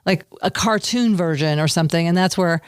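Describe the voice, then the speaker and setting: A woman's voice: lowish voice, a little fast, clean tone, dry recording, clean studio sound. A woman hosting a comedy podcast, chatting casually with her guest, joking and laughing often. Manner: playful, laughs often, riffs on jokes. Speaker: podcast host. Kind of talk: casual conversational interview.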